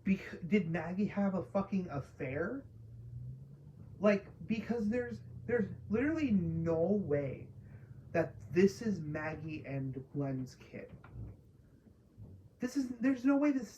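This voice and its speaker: A woman's voice: medium pitch, lively intonation, takes it slowly, mellow, slight background noise, rough recording. A woman casually ranting through a spoiler review of a TV episode, profane and exasperated, mocking characters she dislikes. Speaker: TV show reviewer.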